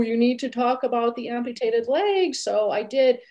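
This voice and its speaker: A woman guest telling a story in an interview over a video call, lively and acting out what others said. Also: a little high, a little fast, few pauses, dull audio. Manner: animated, acts out quoted voices. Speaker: animal communicator guest.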